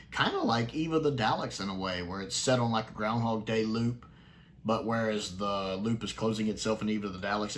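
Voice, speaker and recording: Man in a relaxed review, lowish voice, eager and rambling. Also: a little hiss or hum. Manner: enthusiastic, chatty, with fillers and restarts. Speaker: sci-fi reviewer. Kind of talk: casual review commentary.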